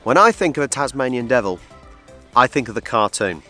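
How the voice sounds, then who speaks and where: A man's voice: mid-range voice, sing-song, fairly quick, pushed and bright, soft background music. A man filming a travel vlog as he walks around a wildlife park, chatting playfully about the animals. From England. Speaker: travel vlogger. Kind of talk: casual walk-and-talk vlog commentary. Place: outdoor wildlife park and reptile house.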